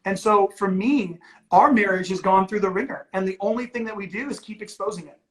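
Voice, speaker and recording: A ministry leader talks candidly and earnestly in a conversational way, filling his speech with "like" and "you know." His voice is high and fairly quick, and the audio is poor.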